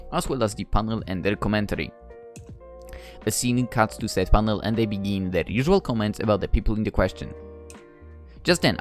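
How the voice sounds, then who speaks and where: Expressive man narrating a story. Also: medium pitch. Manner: expressive, conversational reading. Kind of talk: first-person story narration.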